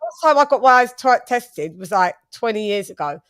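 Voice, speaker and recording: A woman hosting a casual chat, telling lively stories and acting out what people said. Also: medium pitch, moderate pace. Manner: animated, storytelling with quoted voices. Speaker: host.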